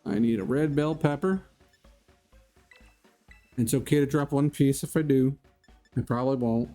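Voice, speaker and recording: Chatty, mellow-voiced man streaming a game. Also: mid-range voice, moderate pace, soft background music. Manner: chatty, laughs often, talks to chat by name. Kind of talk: casual live-stream chat while playing.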